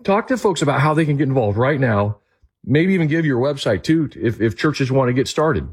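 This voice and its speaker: A male host of a faith talk show with a husky, slightly rough voice at a middling pitch. He speaks with enthusiasm and leans hard on his key points as he draws out his guest. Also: animated, fairly quick. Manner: enthusiastic, emphatic.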